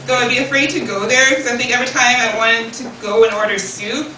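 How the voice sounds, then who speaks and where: A woman hosting a comedy show who delivers deadpan one-liners and introduces the next comic. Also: fairly high pitch, fairly quick. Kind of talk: stand-up set. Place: comedy club stage. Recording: echoey room from far off, background noise.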